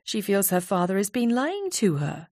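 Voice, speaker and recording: A woman's voice: mid-range voice, big pitch swings, moderate pace, a little mellow, dry recording, clean studio sound, voice pushed up. A woman voicing a tearful, self-critical woman of forty in an audiobook. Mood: bitter.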